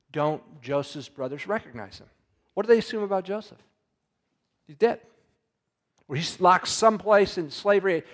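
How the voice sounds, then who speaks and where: A man preaching a Bible lesson in a casual, conversational way, retelling scripture in everyday words and asking his listeners questions. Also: high voice.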